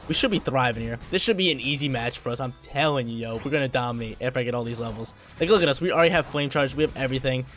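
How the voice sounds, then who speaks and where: Male gaming creator, mid pitch, quick trash-talk commentary. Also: a bit bright, faint music behind. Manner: hyped, trash-talking, repeats phrases. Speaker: gameplay commentator. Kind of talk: live gameplay commentary.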